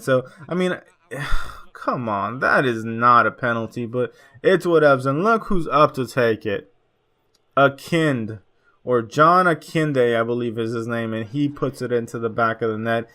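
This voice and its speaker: A young man talks his viewers through a football video game match in a loose, chatty way. He gets excitable over the big moments and keeps calling his audience "boys." His voice sits at an ordinary middle pitch for a man. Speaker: gaming YouTuber. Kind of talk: gameplay commentary.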